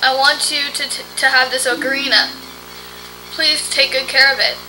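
A woman voicing a gentle young forest girl in an amateur game dub, soft and earnest, slightly halting. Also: high voice, fairly even intonation, slight background noise, poor audio. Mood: tender.

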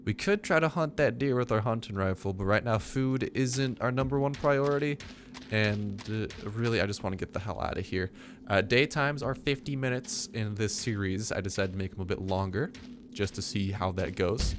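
A man's voice: on the low side, moderate pace, a little hiss or hum. A young man giving rambling, self-mocking commentary while playing a survival game. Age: young adult. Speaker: gaming YouTuber. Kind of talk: casual let's-play commentary.

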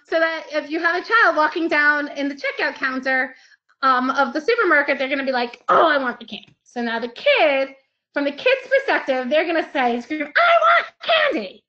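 Lively, bright-voiced woman lecturing a class. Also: sits high, lo-fi sound. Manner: lively, playful, acts out screaming child voices. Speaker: psychology lecturer. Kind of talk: live online class lecture.

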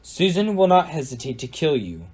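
A man's voice: a little high, very animated, moderate pace, darkish tone, breathy edge, voice pushed up. A man doing a stern old wizard mentor. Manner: solemn, commanding instruction. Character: ancient wise wizard mentor, stern and calm.

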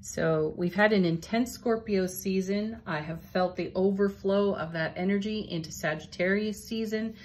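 A woman giving a spiritual tarot and oracle card reading, gentle and encouraging, laughing softly between cards. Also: medium pitch, normal speed, hardly any pauses.

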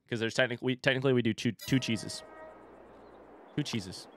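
Playing a farming game on stream, this young man talks casually with his chat and drops the occasional swear word. He speaks briskly in a medium, slightly bright voice, recorded dry with clean studio quality.

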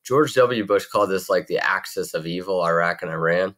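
A man's voice: deep voice, a little fast, a bit bright. A man teaching a recorded geography video lesson in a chatty, rambling way with jokey asides.

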